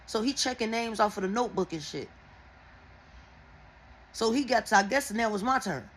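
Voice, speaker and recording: A woman who reads tarot, telling viewers a dream in a casual, animated and heavily profane way. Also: a little high, moderate pace, pauses often, a little hiss or hum, rough recording. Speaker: tarot and oracle reader.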